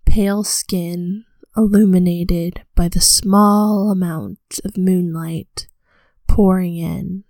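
A woman's voice: on the low side, a little mellow, no room sound. A woman whispering as a hypnotic vampire seductress. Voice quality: breathy whispered delivery. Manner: slow hypnotic countdown, commanding. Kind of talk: whispered role-play.

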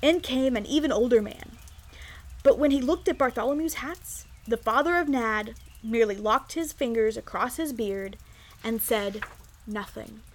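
High-voiced woman reading a storybook aloud. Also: moderate pace. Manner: expressive, lively.

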